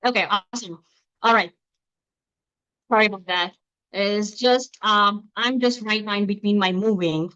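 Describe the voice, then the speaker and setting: A woman from Pakistan giving an online webinar talk as a physician-scientist, speaking quickly from her home through a computer mic set back from her. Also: mid-range voice, pushed and bright, clear, resonant tone, dry recording. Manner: fast-talking, explanatory. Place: home, in the middle of moving. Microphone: computer mic, not close. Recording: dull lo-fi video call audio.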